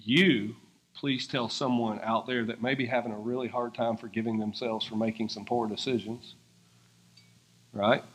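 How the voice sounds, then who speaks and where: A man pastoring a church service and interviewing guests on stage, excitable and laughing, swinging between loud bursts and hushed asides. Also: medium pitch, normal speed. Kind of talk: sermon-style interview on stage.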